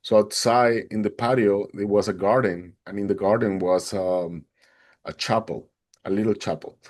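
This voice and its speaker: A man, a podcast guest, recounting a personal experience in an animated way and acting out the others' lines. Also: lowish voice, normal speed. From Atlanta, Georgia, USA. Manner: animated, acts out the other people's lines in a raised voice. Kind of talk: personal storytelling.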